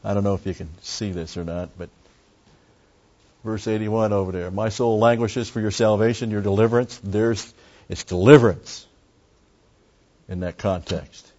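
An older man leads a relaxed Bible study, wandering into asides with plenty of "uh"s before slowing to read a verse aloud. His voice sits low. The recording is dull and lo-fi. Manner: rambling, folksy, with many digressions and "uh" fillers. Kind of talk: informal Bible teaching.

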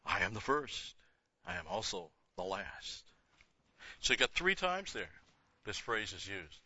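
A lower-pitched man with a strikingly bright, forceful tone teaches through Scripture. He reads the verses with lifted emphasis and explains them in plain, offhand remarks. The sound is dry and close, though slightly dull. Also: sing-song, measured pace, slightly rough, dry recording. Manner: reads scripture aloud with rising emphasis, then explains in a casual aside. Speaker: Bible teacher.

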